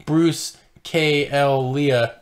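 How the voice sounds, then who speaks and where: A man's voice: a little high, fairly even intonation, very slow. A man co-hosting a podcast, joking and laughing through a casual, profane film review. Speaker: podcast co-host.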